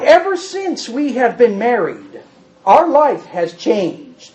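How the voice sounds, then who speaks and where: A man's voice: high voice, wildly swooping pitch, normal speed. A man preaching a sermon, hammering points home through repetition and quizzing his congregation. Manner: emphatic, repetitive, rises to forceful outbursts; asks the congregation questions. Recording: dull, muffled sound.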